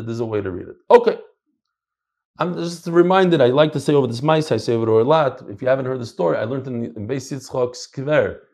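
A middle-aged man teaching a casual Talmud class, animated and swinging between loud and soft. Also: mid-range voice.

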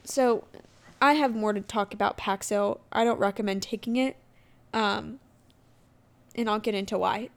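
A woman's voice: medium pitch, moderate pace, pauses often. A woman in her twenties hosting her own podcast, telling a personal story in a candid, chatty way and acting out quotes of what she and others said. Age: 20s. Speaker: podcast host. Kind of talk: casual solo podcast chat.

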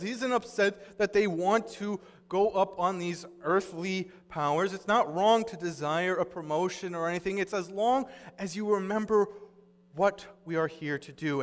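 A man's voice: high-pitched, fairly bright tone, in a large hall. A man pastor giving a sermon, earnest and conversational as he retells scripture in everyday words.

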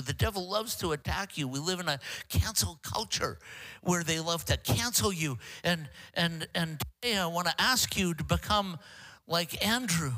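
An older man delivers a sermon as a guest preacher. His voice sits high and sounds bright, and he keeps breaking into jokey, self-deprecating asides. He stumbles through halting restarts before pressing on.

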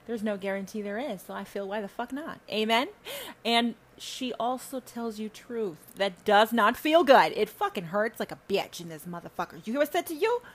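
A woman hosting her own podcast, delivering a sermon-like rant packed with swearing. Her voice sits at an ordinary middle pitch, and she hammers her points with emphatic bursts before dropping to low, muttered asides. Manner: profane, emphatic, swings between loud and low. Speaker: podcast host. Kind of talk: preachy spiritual rant.

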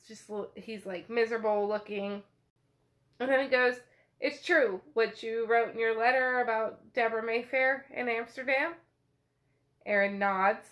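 A woman hosting a book podcast retells a chapter in a relaxed, chatty way. Her voice sits a little high, and she takes her time. She keeps dropping fillers as she paraphrases. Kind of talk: casual retelling of a novel chapter.

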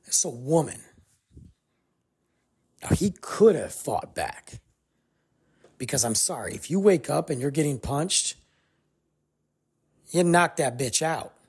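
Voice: medium pitch, lively intonation, slow pace, long pauses, a little mellow, breathy edge. A podcast host giving a casual commentary monologue, speaking emphatically and acting out quoted dialogue.

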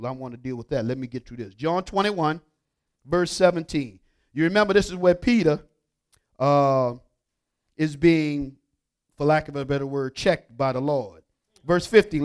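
Male preacher, high voice, call-and-response sermon delivery, hushed-to-emphatic. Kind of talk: sermon with scripture reading.

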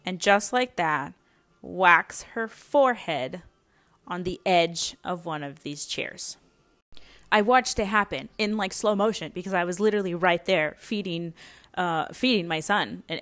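A woman's voice: on the low side, fairly bright tone. A young adult woman hosting a podcast, telling a personal story in a casual, rambling way with many fillers and restarts. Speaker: podcast host.

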